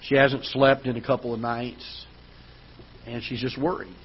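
A man's voice: mid-range voice, level tone, measured pace, lo-fi sound, a little hiss or hum. A man preaching a sermon as pastor, telling a story that builds into emphatic preaching. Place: church auditorium.

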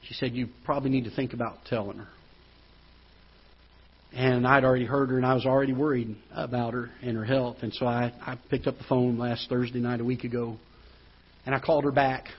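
A man preaching a sermon as pastor, moving from hushed storytelling to loud, rising preaching. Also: medium pitch, fairly even intonation, moderate pace, pauses often, slightly rough. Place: church auditorium. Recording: dull lo-fi church broadcast.

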